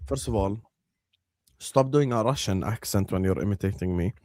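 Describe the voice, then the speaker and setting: A young man hosting a stream, arguing about football in a heated, animated way, swearing and dropping Arabic phrases. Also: on the low side, normal speed, a little hiss or hum. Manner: argumentative, animated, swears, says "wallah" and "inshallah". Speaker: host.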